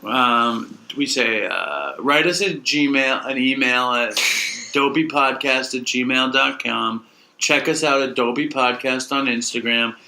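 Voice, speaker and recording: Bright-voiced teasing man. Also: medium pitch, slow pace, creaky, rough recording. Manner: teasing, mocking, loose and profane. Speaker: podcast co-host. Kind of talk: casual podcast banter.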